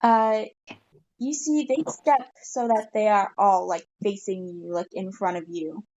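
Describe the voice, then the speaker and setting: A woman's voice: medium pitch, steady tone, unhurried, a little mellow. A woman narrating as game master, casual and full of fillers. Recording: dull lo-fi mic.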